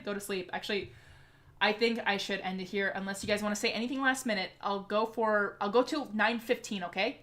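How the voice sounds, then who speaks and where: A woman hosting a casual livestream Q&A, chatty and eager as she answers viewer comments aloud. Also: mid-range voice. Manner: eager and excitable. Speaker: livestream host.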